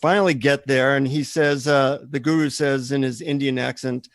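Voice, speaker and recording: A man, a guest author, telling relaxed, self-deprecating anecdotes in an interview. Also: mid-range voice, normal speed, hardly any pauses, no room sound. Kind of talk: interview storytelling.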